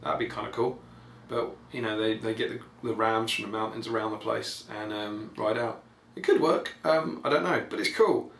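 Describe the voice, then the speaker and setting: A man's voice: on the low side, moderate pace, gravelly, hardly any pauses, fairly bright tone. A man hosting a podcast, giving casual, rambling and enthusiastic commentary full of ums. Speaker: podcast host. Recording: echoey room, faint background noise.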